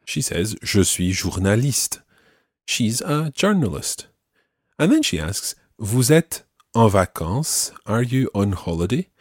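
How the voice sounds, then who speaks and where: A man teaching French phrases in a calm studio voice, repeating each phrase slowly and clearly. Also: fairly low pitch, no echo. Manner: slow careful repetition of phrases. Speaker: language teacher.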